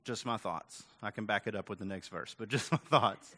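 A man's voice: on the low side, a little fast, pushed and bright. A male pastor giving a chatty, conversational sermon full of asides and rhetorical questions. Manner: casual, chatty and self-deprecating, with frequent "like" and "right?".

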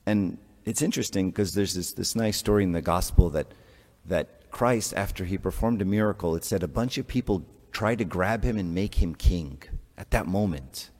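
Deep-voiced man preaching in a reverberant church. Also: normal speed, darkish tone. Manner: conversational, rhetorical questions, joking asides. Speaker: priest. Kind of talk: sermon.

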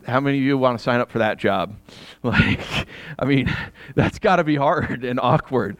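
A man's voice: mid-range voice, normal speed, dry recording. A middle-aged man preaching a sermon in a chatty, conversational way, with asides to his congregation and bursts of laughter. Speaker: pastor.

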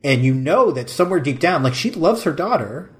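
A man's voice: a little high, sing-song, brisk. A man co-hosting a casual film podcast, talking emphatically and effusively with many fillers. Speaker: podcast co-host.

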